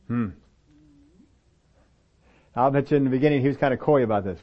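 A male preacher giving a casual, animated sermon, acting out little dialogues and telling stories from his own working life. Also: mid-range voice, brisk, pauses often. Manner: animated, acts out dialogue voices. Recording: dull, lo-fi audio recording.

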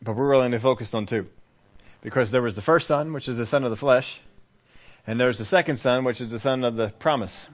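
A man's voice: mid-range voice, a little fast, lo-fi sound. A man preaching a Bible-teaching sermon in a conversational style, often putting questions to the congregation. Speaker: pastor.

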